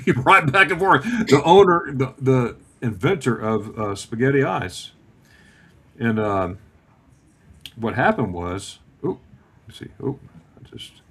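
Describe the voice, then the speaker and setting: A man in his fifties telling a casual travel story on a video call, acting out the dialogue as he goes. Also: slightly rough. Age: 50s. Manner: animated, acts out dialogue with lively pitch swings.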